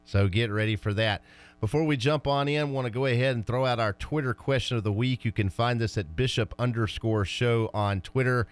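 A man hosting a sports talk radio show, talking with fired-up energy about high school and college football. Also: brisk, clean tone.

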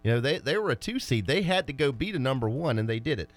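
A man hosting a sports talk radio show, talking with fired-up energy about high school and college football. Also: very animated, fast talker.

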